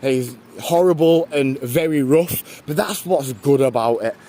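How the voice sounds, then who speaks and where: A young man with a northern English accent livestreams while walking through a town, filming on a handheld phone camera. He chats casually and rambles, thanking viewers warmly, in a medium-pitched, unhurried voice.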